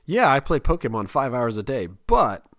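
A man in his thirties trading jokes in casual podcast chat, his bright voice jumping up and down in pitch. He laughs a lot and trips over his words, and the recording is dry and close. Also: sing-song, normal speed, dry recording. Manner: laughs often, stammers on restarts, puts on exasperated voices.

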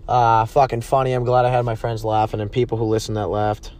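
A man's voice: medium pitch, little pitch movement, fairly quick, a little mellow. A young man hosting a podcast, ranting bluntly and profanely in a rambling way while driving his car. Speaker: podcast host. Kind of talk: casual rant while driving. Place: in a car on the road.

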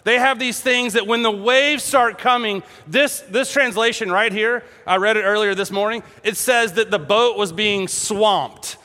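A man preaching a sermon, telling a story with animated energy, acting out voices and laughing along. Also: sits high, measured pace, hardly any pauses, big-room sound. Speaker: pastor.

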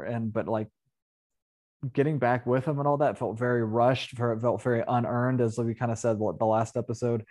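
A man's voice: mid-range voice, fairly even intonation, normal speed, darkish tone. A man hosting a casual movie review chat, talking in a rambling way with many fillers and self-corrections. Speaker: podcast host.

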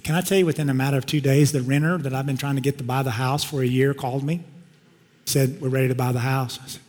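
A man's voice: mid-range voice, steady tone, quick pace, a little mellow, a little hiss or hum. A male pastor preaching a sermon, telling stories in a conversational, emphatic way. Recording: long hall reverb.

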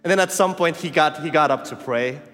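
A man's voice: a little high, fairly quick, a bit bright. A man with a Filipino accent preaching a sermon, telling a personal story in a candid, conversational way. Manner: candid, conversational, mixing in Tagalog phrases. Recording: reverberant hall with faint music and crowd.

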